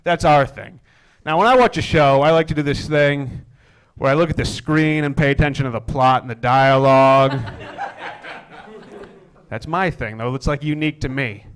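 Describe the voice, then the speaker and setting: A young man performing a stand-up comedy set, deadpan with wry asides that build into exasperated rants. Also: fairly high pitch, normal speed, clear, resonant tone. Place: comedy stage before a live audience.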